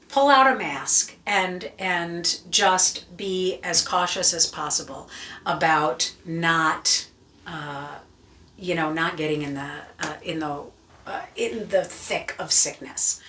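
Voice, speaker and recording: A woman's voice: fairly high pitch, bright, forceful tone, roomy sound, distant mic. A woman vocal coach giving an emphatic teaching talk to camera, checking in with her listeners all the time. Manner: emphatic, keeps checking in with "right?" and "okay?".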